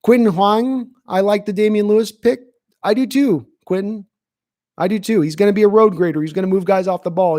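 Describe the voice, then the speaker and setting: A man's voice: fairly high pitch, warm tone, dry recording, clean studio sound. Chatty man hosting a live stream. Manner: chatty, thinks aloud with restarts. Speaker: podcast host reading live chat. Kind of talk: casual live-stream sports chat.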